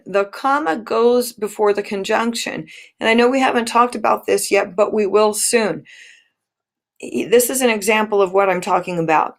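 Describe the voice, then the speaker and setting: A woman teacher giving a recorded grammar lesson, speaking deliberately and stressing each pause. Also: on the high side, vocal fry.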